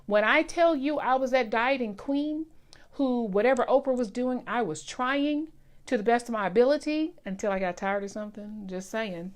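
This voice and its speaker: An excited middle-aged woman, hosting a casual live stream and talking straight to her viewers. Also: a little high, normal speed. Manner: excited, talks directly to viewers, Southern-style "y'all". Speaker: wellness live-stream host.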